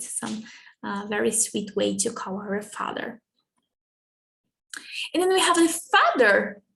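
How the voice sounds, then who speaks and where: A young Brazilian woman with a Brazilian accent, a native Portuguese speaker, gives a slow bilingual lesson on English family words, drawing out and repeating each one for students. Her voice is medium-pitched, creaky and fairly bright.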